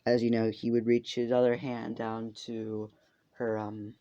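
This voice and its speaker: A man's voice: mid-range voice, monotone, unhurried, dark tone. A man narrating an improvised fan story in a rambling way, full of fillers and swearing. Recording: muffled lo-fi recording.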